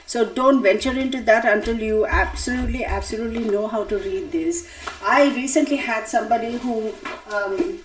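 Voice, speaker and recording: A woman's voice: a little high, normal speed, low-quality recording. Chatty woman tarot reader on live stream. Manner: chatty, digressive, laughs often, talks to viewers directly. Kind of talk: casual live-stream chat.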